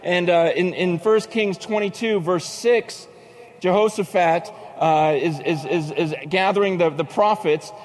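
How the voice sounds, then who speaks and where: A man preaching a sermon, telling stories with acted-out voices and sudden shouts. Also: high-pitched, measured pace. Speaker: pastor.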